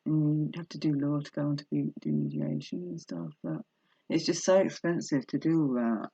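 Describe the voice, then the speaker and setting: A woman's voice: low-pitched, normal speed, vocal fry, warm tone, slightly rough, lo-fi sound. A woman vlogging from home, reading a self-help book aloud and then rambling emotionally about her life. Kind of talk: casual personal vlog with book reading. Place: indoors at home. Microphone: laptop webcam.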